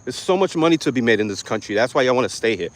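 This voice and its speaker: A man ranting to camera in a profane, mocking vlog, angry and loud. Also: mid-range voice, expressive, racing. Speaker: vlogger. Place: lives in Florida.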